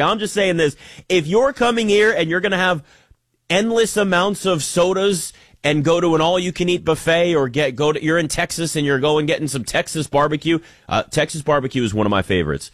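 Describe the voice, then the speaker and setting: A man, a sports commentator giving an opinionated monologue, animated and sarcastic, with frequent restarts. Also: fairly high pitch, no room sound, clean studio sound. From United States.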